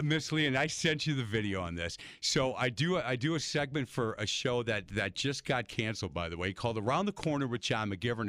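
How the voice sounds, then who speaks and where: A man's voice: medium pitch, no echo, clean studio sound. An older man hosting a casual radio interview, telling stories and acting out the people in them. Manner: animated storyteller, acts out quotes. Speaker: radio host.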